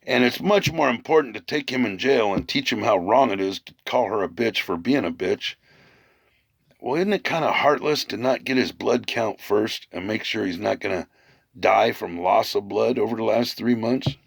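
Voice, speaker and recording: A man's voice: fairly low pitch, moderate pace, gravelly, no echo. A middle-aged man telling a rambling personal story, full of fillers and repeated words. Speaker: vlogger. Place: living on the road, camp.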